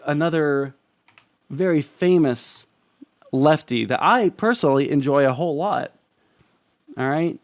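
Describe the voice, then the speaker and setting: A man's voice: a little high, dry recording, clean studio sound. A young man giving casual political commentary as a streamer, profane and ranting, with many restarts.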